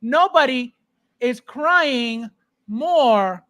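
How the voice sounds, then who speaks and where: A man's voice: very high voice, very slow. Mocking, ranting male podcast host. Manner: mocking, animated ranting with frequent laughs. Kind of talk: casual podcast banter.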